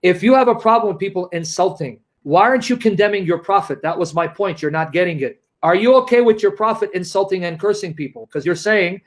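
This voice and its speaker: A man's voice: sits high, brisk, few pauses. A man arguing in a heated online debate, combative and mocking, often talking over his opponent.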